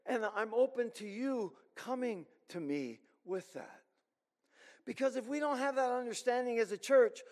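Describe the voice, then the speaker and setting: High-voiced pastor preaching in a reverberant hall. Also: male voice, a little mellow. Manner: earnest, emphatic preaching with pauses. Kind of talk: sermon. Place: church sanctuary.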